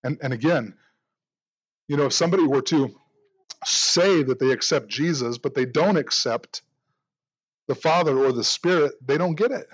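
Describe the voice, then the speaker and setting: High-voiced earnest male preacher. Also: moderate pace, pauses often, slightly rough, dry recording, highs cut off. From United States. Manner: earnest, repeats words at the start of phrases. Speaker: pastor. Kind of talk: sermon.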